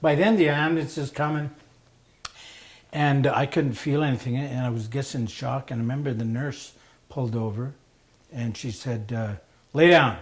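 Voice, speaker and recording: Speaking at normal speed in a mid-range voice, a male guest spins a casual story. He becomes lively, imitates the voices of those he quotes, and laughs frequently.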